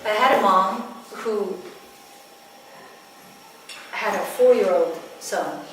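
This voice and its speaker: A woman in her sixties, a midwife, gives a storytelling talk to listeners in a workshop room, a lively storyteller who laughs often. Her voice is medium-pitched and slow. The recording is noisy, with a distant mic in a very echoey room.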